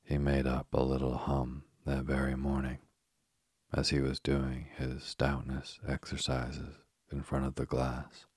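A man narrates a bedtime story in an extremely deep, husky voice that barely moves in pitch. His soft, unhurried reading is recorded close and dry. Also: monotone, dry recording. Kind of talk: slow sleep story narration.

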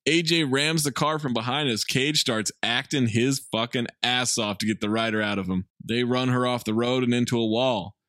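A man's voice: medium pitch, moderate pace, few pauses, a bit bright, no room sound. Dry wry male podcast recapper. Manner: wry, swearing, recapping in plain narration. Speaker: podcast host recapping a movie. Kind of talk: casual chat.

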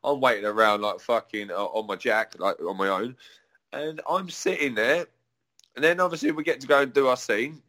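A man's voice: mid-range voice, normal speed, sharp tone. A man, still young, unloads a long story in a loose, rambling rant. He swears constantly, restarts his sentences, and keeps drifting into asides. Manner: profane, rambling, with many restarts. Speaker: adult performer.

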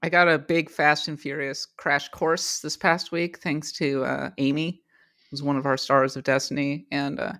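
A woman hosting a podcast, chatting casually and telling stories with animated energy. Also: low-pitched, normal speed, no echo, studio quality. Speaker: podcast host. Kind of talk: casual chat.

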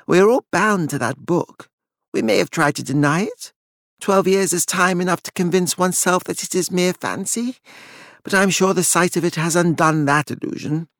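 A man's voice: sits high, normal speed, a bit bright, no echo, studio quality, pitched above the performer's own voice. A man voicing a composed, cold-spoken woman in an audiobook, level and commanding.

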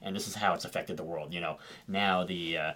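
A man with a very deep, low-pitched voice, chatting casually on a podcast about running tabletop games. He talks in loose, conversational runs and drops in "right" and "you know" a lot. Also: steady tone, brisk, pushed and bright. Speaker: podcast co-host.

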